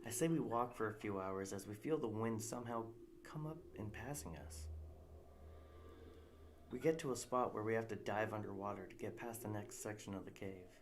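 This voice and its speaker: A man's voice: lowish voice, moderate pace, a little hiss or hum. A man reading a story aloud in a live narration, casual and unpolished, with restarts.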